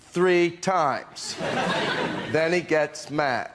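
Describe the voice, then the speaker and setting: Male comic, deadpan and very slow, halting delivery. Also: on the high side, slight background noise. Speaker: panelist. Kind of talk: stand-up routine.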